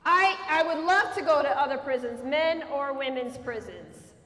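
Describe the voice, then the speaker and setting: A woman's voice: high-pitched, lively intonation, normal speed, sharp tone. A woman comedian from Minnesota and Colorado, chatting with the audience and repeating their questions aloud. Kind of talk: audience Q&A after a stand-up show. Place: prison hall with an audience. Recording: echoey hall with crowd.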